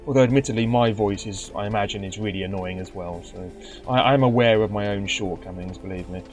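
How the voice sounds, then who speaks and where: A man's voice: on the low side, fairly quick, faint music behind. A man giving casual gameplay commentary, grumbling and sarcastic, with stumbling restarts. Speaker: let's play commentator.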